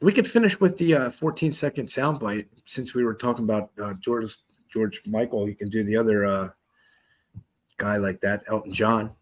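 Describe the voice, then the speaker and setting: Podcast host, husky-voiced man, rambling profane anecdotes. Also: lowish voice, normal speed. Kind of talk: casual storytelling.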